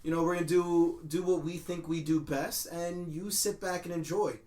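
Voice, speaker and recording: A podcast host with a fairly high male voice speaks at a normal speed in an echoey room. He keeps the chat casual, telling animated stories and laughing often.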